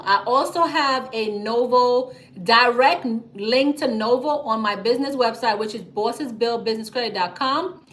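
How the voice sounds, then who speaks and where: A woman's voice: a little high, normal speed. A woman hosting a casual business livestream, talking emphatically and reading out viewer comments. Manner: chatty and emphatic, frequent "okay?" and "y'all", animated storytelling. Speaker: livestream host, business credit coach.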